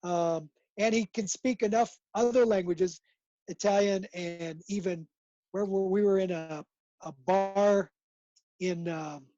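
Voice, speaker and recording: A man's voice: high voice, steady tone, dark tone, no echo, highs cut off. A man chatting as a guest on a video call, rambling and restarting his sentences often. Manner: rambling, halting with many restarts. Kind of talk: casual video call chat.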